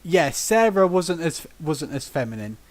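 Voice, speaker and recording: A man from Britain hosting a relaxed podcast chat. His voice sits on the higher side for a man. He tells lively tabletop game stories, acts out quotes and laughs easily. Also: unhurried. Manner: animated storyteller who acts out quotes and laughs often. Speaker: podcast host.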